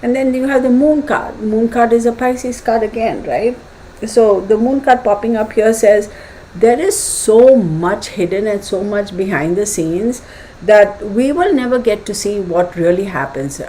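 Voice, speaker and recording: Female tarot host, casual and rambling, mid pitch, faint noise floor. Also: a little slow, dark tone, low-quality recording. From United States. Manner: chatty, thinks aloud with fillers and acted asides. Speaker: tarot reader.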